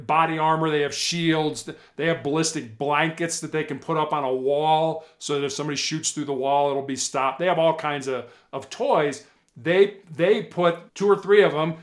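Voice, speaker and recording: A middle-aged man, a former police hostage negotiator, telling stories in an interview and acting out both sides of the talk. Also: fairly high pitch. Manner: animated, acts out both sides of conversations. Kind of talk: storytelling in a podcast interview.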